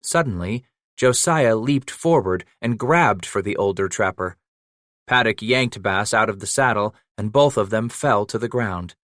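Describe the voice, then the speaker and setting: A man reading a western audiobook in steady, measured scripted narration. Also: lowish voice, no room sound. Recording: dry close studio recording.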